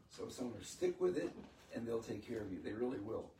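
A man's voice: mid-range voice, animated, fairly quick. A man sharing a rambling, earnest personal story with a small church group. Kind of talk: casual testimony to a small group. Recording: echoey room, from a distance, noisy.

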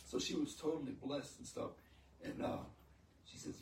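A man tells a rambling, earnest story to a small church gathering, picking his words as he goes. He sits away from the microphone in an echoey room with steady background noise. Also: fairly high pitch, quick pace. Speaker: church group member sharing a story. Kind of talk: casual testimony to a small group. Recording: echoey room, from a distance, noisy.

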